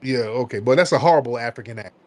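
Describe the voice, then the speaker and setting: A man's voice: medium pitch, racing, darkish tone. A man hosting a late-night call-in audio chat, talking in a loose, joking, blunt and slangy way. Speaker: host of a live audio chat room.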